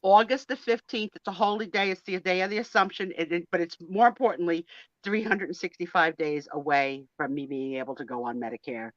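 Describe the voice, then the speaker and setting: A woman's voice: lowish voice, fairly even intonation, brisk, no room sound, lo-fi sound. A woman in her sixties, a guest on a casual live video chat, talking in a blunt, joking, self-mocking way. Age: 60s.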